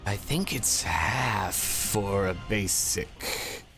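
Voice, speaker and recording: A man with a low, gravelly voice thinks aloud while checking the rules at a tabletop game. He speaks very slowly, weighing each point before he answers. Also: lively intonation, bright, forceful tone, soft background music. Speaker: player.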